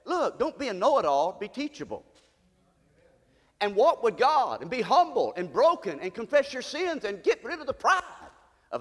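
A man preaching a sermon as pastor, calling out to the congregation and building to shouts. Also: sits high, big pitch swings, fairly quick, in a large hall. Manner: call-and-response preaching, rising to shouts. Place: church sanctuary.

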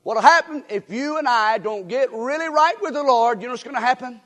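A man preaching a revival sermon, folksy and direct with the congregation, dropping to quiet asides and rising to shouted exhortation. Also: extremely high pitch, a little fast. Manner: folksy, addresses crowd directly. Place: church sanctuary. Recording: long hall reverb.

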